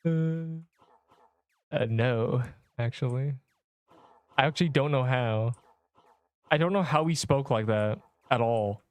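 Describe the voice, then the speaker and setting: A hoarse young man casually chatting and joking while live-streaming a game. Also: mid-range voice, no room sound. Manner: joking, chatty, quick to laugh.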